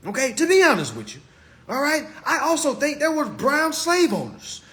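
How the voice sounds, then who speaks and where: A man on a live phone stream giving an impassioned monologue, swinging from loud exclamations to low muttering and repeating "all right?" constantly. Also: huge pitch swings, normal speed. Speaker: livestream host.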